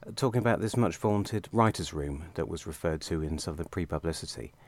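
A man's voice: low voice, fairly quick. A man in a casual panel chat, wry and pedantic. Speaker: podcast panelist.

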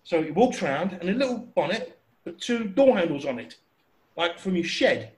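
Guy in his 60s telling a story, chatty and animated, kinda high voice, echoey room. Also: normal speed. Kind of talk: casual anecdote telling.

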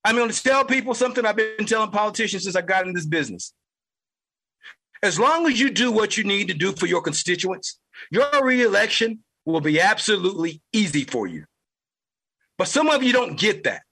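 A man's voice: sits high, sing-song, a little fast, pushed and bright, husky, low-quality recording. A man hosting a political podcast, delivering an angry, heated monologue and repeating lines for emphasis. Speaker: podcast host.

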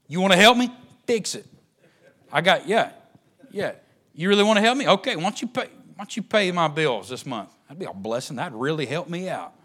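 A man preaching a sermon in a folksy, joking way, swinging from low and soft to loud, high shouting.

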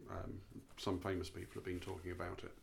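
A man's voice: sits low, little pitch movement, brisk, creaky. A man co-hosting a casual podcast chat, with a dry, self-mocking, wordy humour. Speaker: co-host.

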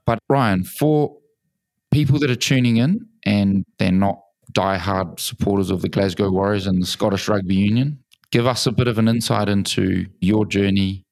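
A man's voice: fairly low pitch, steady tone, normal speed, darkish tone, no echo. A man hosting an interview in an office studio, enthusiastic and matey, often calling his guest mate or bro. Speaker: podcast host. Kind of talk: casual interview.

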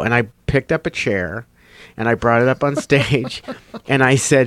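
Male comedian, casual storytelling, animated delivery, dry studio mic. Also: mid-range voice, moderate pace, no echo. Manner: animated, rising loud when acting out the confrontation. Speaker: comedian guest.

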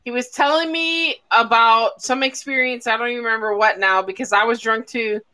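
Woman, live chat host, high bright voice, loud and emphatic, swears a lot. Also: fairly even intonation, brisk. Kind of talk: casual chat.

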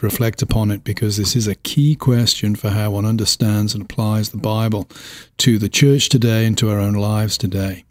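A man hosting a podcast, wrapping up in a measured way with frequent uhs. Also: lowish voice, a little mellow, no room sound, studio quality. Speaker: podcast host. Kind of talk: podcast closing remarks.

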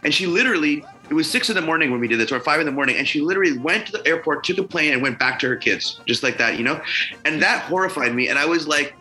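A man's voice: fairly high pitch, expressive, fast, bright, forceful tone, faint music behind, poor audio. A man, a musician guest, telling a long story in casual conversation, rambling with many fillers and swearing freely.

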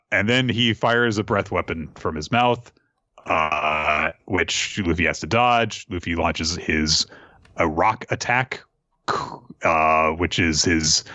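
A man casually recapping an episode in an animated way, with quick asides. His voice is low and forceful. The sound is dry and dull, like a lo-fi recording. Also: no room sound. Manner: animated, retelling fight scenes with quick asides.

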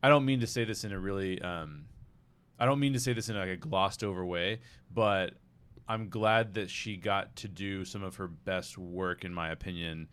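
Hesitant man with a lowish voice. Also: fairly bright tone, clear, resonant tone. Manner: hesitant, halting, many restarts. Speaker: podcast panelist. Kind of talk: casual fan podcast discussion.

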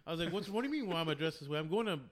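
A man in his thirties telling a story in casual chat, animated and often breaking into laughter. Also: a little high, very fast.

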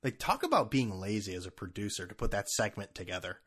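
A man's voice: lowish voice, sing-song, fast talker, a bit bright. A man hosting a podcast, ranting sarcastically with profanity, stammering restarts and laughs at his own jokes. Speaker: podcast host. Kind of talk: casual ranting monologue.

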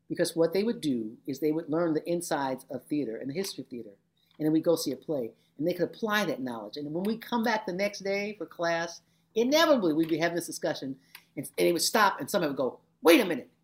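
An older woman looking back on her years as a labor educator in an interview, animated, acting out the voices of people in her stories. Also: low-pitched. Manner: animated storyteller, acts out quoted voices. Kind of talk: reflective oral-history interview.

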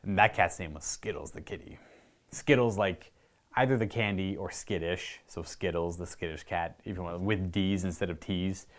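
A young man with an Ontario Canadian accent chats casually to camera as he answers viewer questions. He rambles, restarts and wanders into asides. His voice sits a little on the low side. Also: normal speed.

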